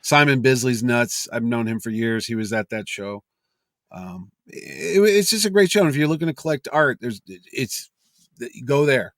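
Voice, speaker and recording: A man who promotes conventions, telling animated stories as a podcast guest and acting out quotes, with many fillers and restarts. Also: mid-range voice, moderate pace, no echo, studio quality. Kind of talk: casual storytelling chat.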